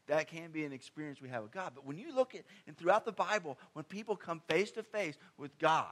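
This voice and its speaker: Male pastor, slightly high voice, casual sermon delivery with big swings in emphasis. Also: fairly bright tone. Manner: conversational preaching with emphatic swings in pitch and volume.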